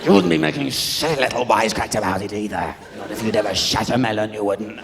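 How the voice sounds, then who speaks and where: A man's voice: on the low side, fast talker, gravelly, voice pushed down. A man putting on an indignant woman who scolds him, speaking in a stern, reproachful way. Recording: echoey live theatre with heavy noise.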